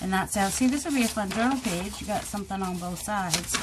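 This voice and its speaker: A woman's voice: medium pitch, a little fast, very noisy. A woman hosting her crafting channel, rambling and self-deprecating, chatting casually as she shows her work. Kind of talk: casual chat.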